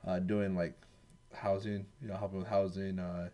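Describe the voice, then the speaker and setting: A young man in casual chat, telling a story in a halting way with many stops and starts. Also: low-pitched, little pitch movement, mellow. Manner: hesitant, halting, many fillers and restarts.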